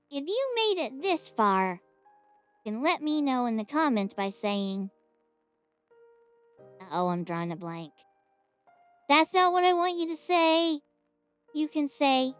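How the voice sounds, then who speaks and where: A woman's voice: a little high, expressive, unhurried, smooth, no room sound, soft background music. Chatty, giggly woman with a raised voice. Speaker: reaction video creator. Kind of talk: casual reaction outro.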